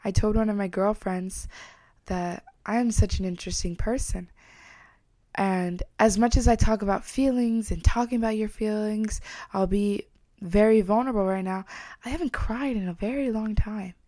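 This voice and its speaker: An earnest woman talking through a motivational self-help monologue, reflective and open about herself. Her voice sits at an ordinary middle pitch. The sound is dry and close, with no room echo, and she leans on repeated phrases to press each point home. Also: fairly even intonation, normal speed, warm tone. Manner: earnest, reflective, openly personal.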